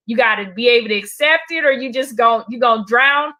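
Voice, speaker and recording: A woman comedian with a high, bright voice tells a story in a loose, conversational way. She repeats words and fills gaps with ums as she goes, and keeps her delivery animated. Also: brisk. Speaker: stand-up comedian guest. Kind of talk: casual storytelling in a talk show interview.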